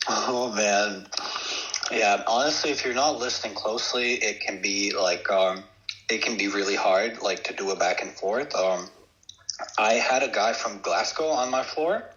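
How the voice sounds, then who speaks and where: A man's voice: fairly low pitch, a little slow, a bit bright, lo-fi sound. A man co-hosting a podcast in casual chat, hesitant and filler-heavy as he talks it through. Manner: hesitant, many fillers and restarts. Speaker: podcast co-host.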